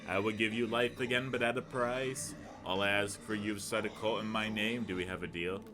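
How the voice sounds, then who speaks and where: A man voicing an ancient imprisoned male god, speaking slowly in a low, menacing way while reading a game's dialogue. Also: fairly even intonation, over music, close to an everyday voice. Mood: commanding.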